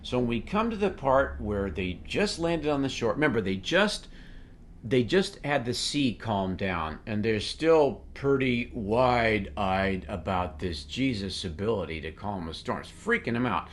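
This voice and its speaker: A middle-aged man hosting a casual Bible teaching show, animated and jokey, with quick asides and restarts. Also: on the low side, slight background noise.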